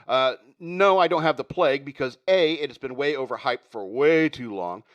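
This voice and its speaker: A man's voice: mid-range voice, normal speed. A man hosting a podcast, ranting bluntly and with profanity, a slight sore throat in his voice. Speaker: podcast host.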